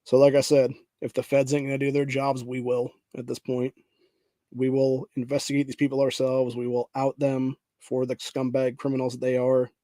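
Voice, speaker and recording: Man, podcast host, angry profane rant, middle-pitched voice, dry close sound. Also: monotone, moderate pace, warm tone, dry recording. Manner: profane, repeats "dude", ranting; reads headlines aloud.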